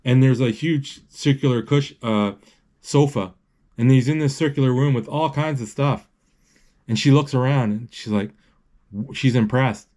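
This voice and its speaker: A man giving a halting, live play-by-play of a movie as he watches it, full of restarts and self-corrections. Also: mid-range voice, warm tone. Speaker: movie describer.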